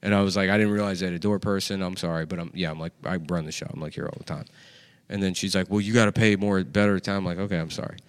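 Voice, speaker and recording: A man with a fairly low voice tells a rambling story, heavy on fillers and casual swearing. His talk is loose and chatty, like a comedy podcast among friends. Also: steady tone, very fast, smooth, no room sound. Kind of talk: casual chat.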